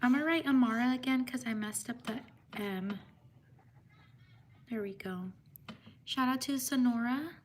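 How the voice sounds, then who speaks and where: A woman hosting a casual livestream, giving slow, unhurried shout-outs and apologizing for mispronouncing names. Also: a little high, slight background noise. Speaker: livestream host.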